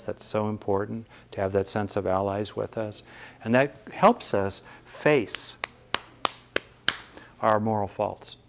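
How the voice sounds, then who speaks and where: A man who teaches meditation, giving a thoughtful talk to an audience and searching for his words as he goes. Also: fairly low pitch.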